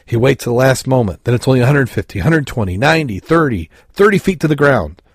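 A man's voice: mid-range voice, animated, brisk, husky, no echo, clean studio sound. A man hosting a casual podcast, telling jokes and stumbling over his words. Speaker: podcast host.

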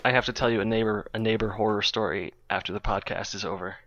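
A man's voice: lowish voice, fairly even intonation, fast talker, a bit bright, lo-fi sound. A man co-hosting a podcast, telling a rambling story in casual chat and often breaking off mid-sentence. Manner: rambling, self-interrupting anecdote teller. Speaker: podcast co-host.

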